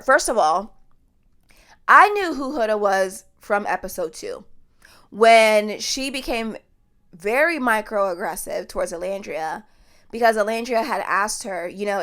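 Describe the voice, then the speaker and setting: A woman's voice: mid-range voice, fairly bright tone. Blunt, emphatic woman podcast host. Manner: emphatic, blunt, swears freely. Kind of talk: casual podcast commentary.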